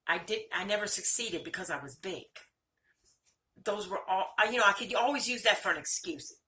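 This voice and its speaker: Earnest older woman with a bright voice. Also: medium pitch, brisk. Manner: candid, earnest, close to tears at times. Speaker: vlogger. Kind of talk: personal video monologue.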